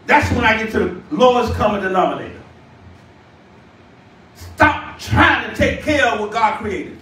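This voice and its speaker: High-voiced shouting preacher in echoey church. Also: male voice, animated, measured pace, slight background noise. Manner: shouting, call-and-response preaching. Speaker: bishop. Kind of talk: sermon. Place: church sanctuary. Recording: echoey church room, distant mic.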